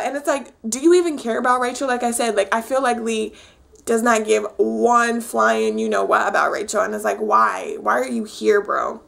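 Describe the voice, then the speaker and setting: A young woman casually recapping a reality dating show for her viewers, chatty and animated, with lots of fillers. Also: fairly high pitch, a little slow, creaky. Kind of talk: casual chat.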